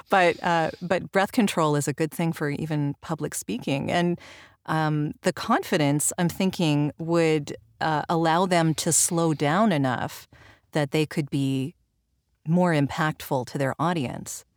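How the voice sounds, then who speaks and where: A woman hosting a podcast, asking questions in a relaxed conversational way, with frequent laughs and hesitant fillers. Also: sits low, measured pace. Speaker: podcast host. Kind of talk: conversational interview.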